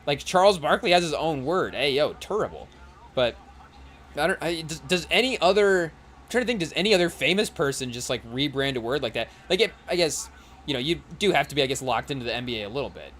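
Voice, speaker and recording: A man's voice: fairly high pitch, lively intonation, fast, a bit bright, a little hiss or hum. Rambling man saying "hey, yo" a lot. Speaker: podcast host. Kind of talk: casual chat watching a live game.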